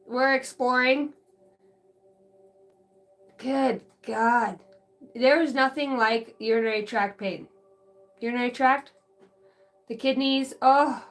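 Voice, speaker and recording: Soft music plays behind a middle-aged woman, a channeler and card reader, as she chats aimlessly on her vlog. Her fairly high, somewhat bright voice moves a little slowly with long pauses, and she curses freely, laughs often, and skips from story to story.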